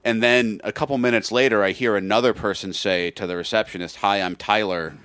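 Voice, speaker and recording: On a casual comedy podcast, a male co-host with a lowish, fairly bright voice talks fast. He rambles through a story in relaxed chat, starting over and acting out the quotes.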